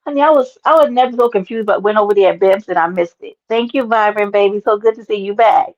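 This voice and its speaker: A woman hosts a livestream, chatting loudly with viewers and calling them out by name. Her talk is brash and animated, with plenty of swearing. The stream audio sounds dull and lo-fi. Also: mid-range voice, fast. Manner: loud, animated, talks to chat by name, swears. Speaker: livestream host. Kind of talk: casual livestream chat reading comments.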